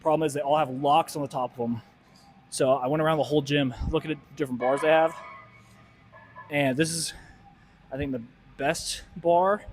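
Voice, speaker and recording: A man out of breath in a gym, talking casually to a nearby camera between his weightlifting sets in a halting, breathy way. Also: a little high, fairly even intonation, slight background noise. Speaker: weightlifter vlogging his workout. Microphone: camera set up nearby in the gym.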